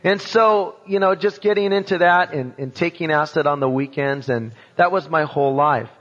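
A man's voice: a little high, normal speed. Man telling his testimony in a hall. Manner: animated, acts out voices and sounds in his story. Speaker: speaker giving a testimony. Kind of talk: personal testimony storytelling. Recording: dull sound in a reverberant hall.

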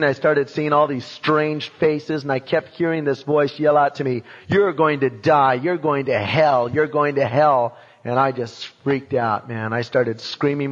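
A man telling a personal testimony, animated and acting out voices and sounds from his story. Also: mid-range voice. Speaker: speaker giving a testimony. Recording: dull sound in a reverberant hall.

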